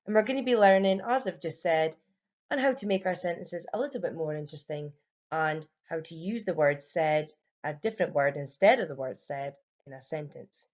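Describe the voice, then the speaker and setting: Scottish woman, young adult, primary teacher, slightly low voice, encouraging and explanatory. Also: lively intonation, moderate pace, a little mellow, highs cut off. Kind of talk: recorded home-learning lesson.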